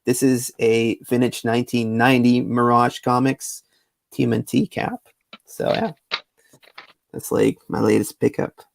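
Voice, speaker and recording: A man hosting a livestream in easygoing chat, halting and repeating himself as he talks. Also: medium pitch, vocal fry, a little hiss or hum. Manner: relaxed, halting with fillers and repeats. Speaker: livestream host. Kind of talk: casual chat.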